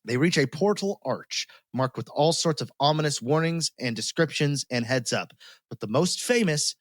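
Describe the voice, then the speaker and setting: A man's voice: on the high side, lively intonation, normal speed, no echo. A man hosting a podcast, retelling a story in casual chat, laughing often and swearing freely. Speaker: podcast host.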